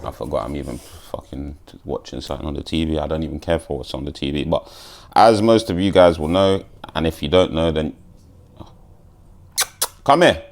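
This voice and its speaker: Male MMA vlogger, low voice, loose and profane, rambling delivery. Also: moderate pace, vocal fry. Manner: swears freely, chatty, stop-start. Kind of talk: casual chat to camera.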